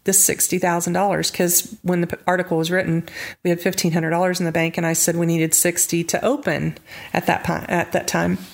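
Lively storytelling woman, low-pitched voice. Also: fairly quick, vocal fry. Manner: animated, acts out quotes with high pitch jumps, laughs often. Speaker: nonprofit founder, guest. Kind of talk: casual storytelling interview.

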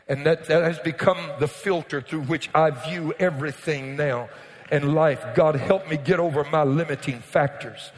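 A pastor preaching a sermon to his congregation, often shouting out his lines and then dropping to a quieter teaching voice. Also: on the high side, normal speed. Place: church sanctuary with congregation. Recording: long reverb in a church hall.

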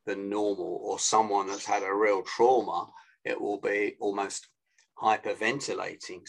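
A man, a guest on a video call interview, explaining with animated energy and acting out phone greetings. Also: lowish voice, gravelly, poor audio. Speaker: guest, sales and influence trainer.

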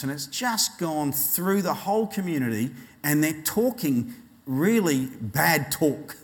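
A man preaching a sermon, telling a personal story and acting out voices with animated delivery. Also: fairly high pitch, takes it slowly, big-room sound. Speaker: pastor.

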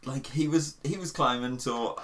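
A man's voice: mid-range voice, moderate pace, a bit bright. A man, co-hosting a casual podcast and telling wry anecdotes, swearing casually. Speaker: podcast co-host. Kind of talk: casual comedic storytelling.

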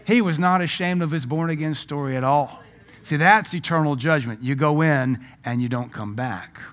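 A man's voice: medium pitch, normal speed, a bit bright. A middle-aged male preacher telling a story in a sermon, acting out the voices of the people he quotes.

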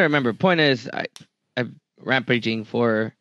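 A man's voice: mid-range voice, moderate pace, a bit bright, muffled recording. A man co-hosting a podcast in loose, slangy, casual chat with swearing. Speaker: podcast co-host.

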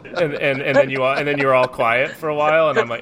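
A man's voice: mid-range voice, steady tone, quick pace, a loud crowd. A man co-hosting a podcast, chatting casually in a rambling, jokey way and often breaking off mid-thought. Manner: rambling, self-interrupting, jokey. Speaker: podcast co-host. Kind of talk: casual chat.

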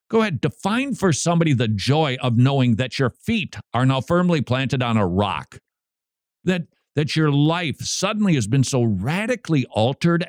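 A man's voice: mid-range voice, a little mellow, no echo, studio quality. A man hosting a Christian radio show, preaching with emphatic rhetorical questions and wry asides. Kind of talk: preaching talk show segment.

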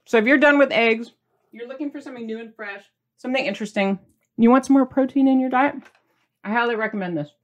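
A woman's voice: fairly high pitch, quick pace, lo-fi sound. A middle-aged woman hosting a casual cooking video, bubbly and chatty, sometimes talking while she eats. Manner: bubbly, chatty, talks with mouth full while tasting. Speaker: cooking channel host.

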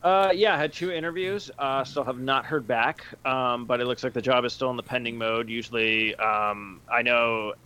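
A man chatting casually on a podcast, telling animated stories and acting out the people in them. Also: medium pitch, moderate pace, hardly any pauses, smooth. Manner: animated storyteller, acts out other voices. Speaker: podcast co-host. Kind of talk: casual chat.

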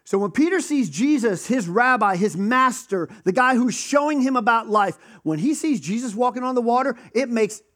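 A man with a high voice preaches a sermon. His delivery is conversational, and he breaks into quick acted voices for the people in the stories he tells. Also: lively intonation, fairly bright tone. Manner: conversational, acts out quoted voices. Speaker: pastor.

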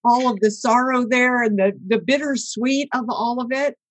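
A woman's voice: a little high, moderate pace, dry recording. A woman hosting a faith conversation, affirming her guest and laughing through happy tears. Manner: warm, affirming, tearful laughter. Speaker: podcast host.

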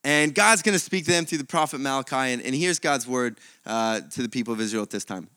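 Animated pastor with a bright, dry voice. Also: male voice, mid-range voice, quick pace, clear, resonant tone, no echo. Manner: animated, with sudden swings from loud to quiet. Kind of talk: sermon.

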